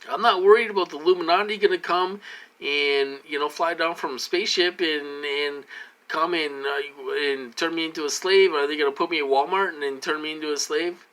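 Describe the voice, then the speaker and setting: Man, vlog monologue, rambling and repetitive, slightly tipsy, bright edgy voice, fairly high. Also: fairly quick. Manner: rambling, repetitive, many restarts, swings between loud and muttering. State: a little tipsy from a drink. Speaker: vlogger.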